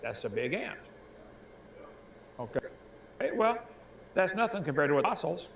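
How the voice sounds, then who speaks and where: A man reading out facts and asking folksy rhetorical questions, clearing his throat now and then, played back as a clip. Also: on the high side, very animated, moderate pace, a crowd in the background. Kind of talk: reading and commenting on a creationist video. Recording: echoey clip with faint ambient noise.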